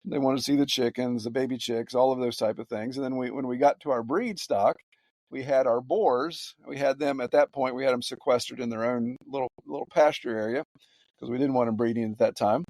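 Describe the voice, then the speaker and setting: A man, a farmer guest on a podcast, telling stories in a halting way with many repeated words. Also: medium pitch, steady tone, darkish tone, no echo, studio quality. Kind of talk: casual podcast interview.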